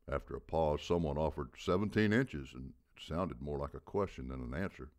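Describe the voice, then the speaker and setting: A man with an extremely low, deep voice reads a story aloud. His narration is measured, and he slows down to land key details. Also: darkish tone.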